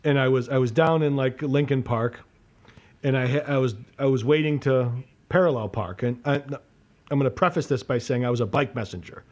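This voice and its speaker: A man's voice: medium pitch, brisk, a little mellow. Podcast guy, rambling storyteller, swears a lot, cracks himself up. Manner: rambling, profane, laughing at himself. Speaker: podcast co-host. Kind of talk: casual storytelling chat.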